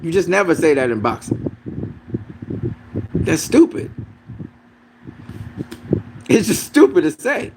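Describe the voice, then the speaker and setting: Animated profane man ranting about boxing. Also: on the high side, slow pace, vocal fry, long pauses, background noise. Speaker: boxing commentator. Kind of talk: casual ranting commentary.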